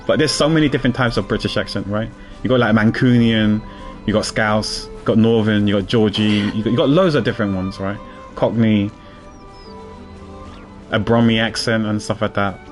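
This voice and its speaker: Male streamer, low voice, rambling casual commentary over gameplay. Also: normal speed, faint music behind. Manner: rambling, repeats words, chuckles often.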